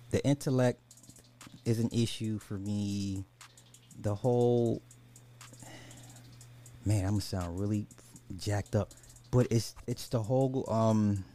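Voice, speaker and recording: A podcast host delivers blunt, exasperated casual commentary, often restarting his sentences. He has a lowish voice with a warm tone.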